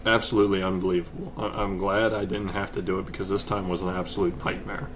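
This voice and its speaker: A man's voice: low voice, level tone, fast talker, background noise. A man hosting a casual podcast, easygoing and chatty, laughing along and telling long rambling stories. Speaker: podcast host.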